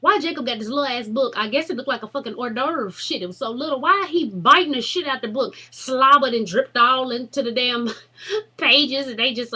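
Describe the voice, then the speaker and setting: A young woman vlogger tells a story to her viewers in an animated, profane and dramatic way. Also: on the high side, normal speed, husky. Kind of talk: casual storytelling vlog.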